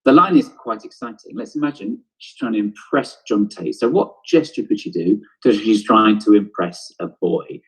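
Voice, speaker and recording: A man teaches drama over a live stream from home, thinking aloud as he walks through each step. His voice sits low and a little husky, picked up by a computer mic. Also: animated, normal speed, few pauses, a bit bright, low-quality recording. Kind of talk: online lesson. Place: home, on a video broadcast.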